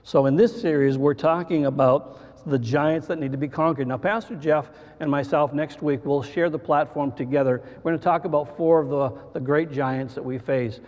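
A man preaching a sermon as pastor, halting, with frequent fillers and restarts. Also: fairly high pitch, fairly even intonation, darkish tone. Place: church sanctuary. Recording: muffled church hall with long reverb.

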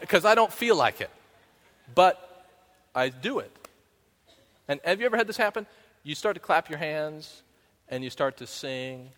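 A man's voice: a little high, fairly bright tone. A man giving a conversational sermon as a pastor, often asking the congregation "right?" and breaking into bits of song. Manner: conversational, keeps asking "right?", sings snatches of songs. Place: church sanctuary. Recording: long hall reverb.

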